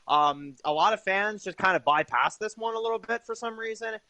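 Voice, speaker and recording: Young male reviewer, a bit high-voiced, enthusiastic and rambling, casual delivery. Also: a little fast, pushed and bright, dry recording. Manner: enthusiastic, rambling with many fillers. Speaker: TV episode reviewer.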